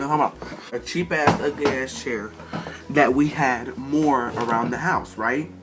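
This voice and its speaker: A teenage boy telling a storytime vlog rant, profane and animated, acting out the people in his story. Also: medium pitch. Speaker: vlogger.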